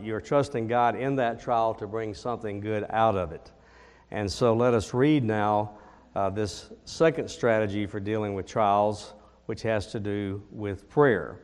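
A man's voice: lowish voice, normal speed. Preacher man in a reverberant church. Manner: animated storytelling preacher, rising to emphatic questions. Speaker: pastor. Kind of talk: sermon. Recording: long hall reverb.

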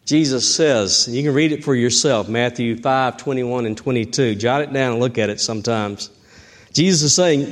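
A middle-aged man preaching a sermon, emphatic and rising in pitch on key points. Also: moderate pace. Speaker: pastor.

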